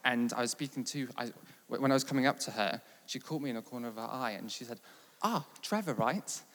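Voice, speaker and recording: A man from England preaching and telling a testimony story, building from steady talk to loud, animated retelling. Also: mid-range voice, fast. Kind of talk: sermon testimony. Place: large church hall. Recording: long reverb of a large hall.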